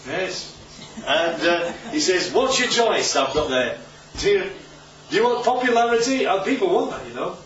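A man's voice: high voice, lively intonation, moderate pace, few pauses, fairly bright tone, a little hiss or hum. A male preacher giving an informal Bible talk, conversational and often checking in with his listeners. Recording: roomy, distant, dull recording.

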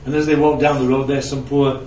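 A man's voice: medium pitch, level tone, fairly quick, mellow, slight background noise. A man preaching a sermon in a conversational way, asking the audience questions and telling anecdotes. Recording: roomy, distant, dull lo-fi sound with faint ambience.

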